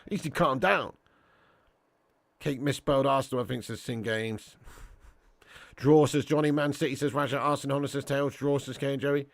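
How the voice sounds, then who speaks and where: A man hosting a live football watch-along, giving commentary and reading out chat in an excitable, slangy way with indignant outbursts. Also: medium pitch, normal speed, long pauses, dry recording. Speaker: match watch-along host.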